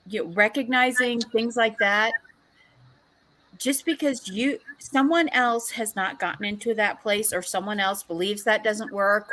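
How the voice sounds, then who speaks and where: A woman's voice: fairly high pitch, sharp tone, rough recording. A woman in a casual livestream chat, talking earnestly and emphatically about staying positive.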